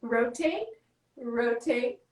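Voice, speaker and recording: A woman fitness coach talks someone through an arm workout with brisk, encouraging step-by-step cues. She is out of breath. Her voice is high and rings in an echoey room. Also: a little mellow. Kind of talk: guiding a workout.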